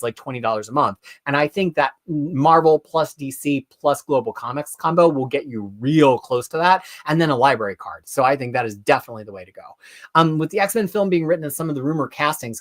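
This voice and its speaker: A host of a solo live stream reviewing new comics, talking casually and excitedly, with quick restarts and bursts of emphatic ranting. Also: mid-range voice.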